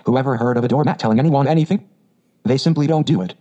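A man's voice: mid-range voice, fast, dark tone, lightly acted. A man voicing a fussy, complaining male mole in a storybook reading, talking in a pettish, grumbling way on a dull lo-fi recording. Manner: pettish and whiny.

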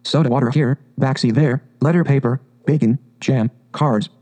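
A man voicing a boastful, excitable male toad who talks in a grand, gushing way. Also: medium pitch, normal speed, natural voice. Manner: pompous, gushing, exclamatory.

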